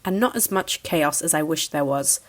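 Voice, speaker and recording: A woman's voice: deep voice, normal speed. A young woman giving a casual, sarcastic recap review of a cartoon finale, mocking the plot as she goes. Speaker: show reviewer.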